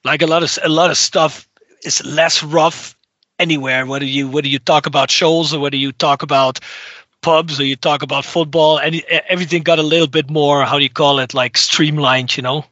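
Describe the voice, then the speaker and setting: A man interviewing his guest in an unhurried way, searching for words as he speaks. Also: fairly high pitch, fairly even intonation, bright, forceful tone, dry recording, highs cut off. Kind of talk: conversational interview.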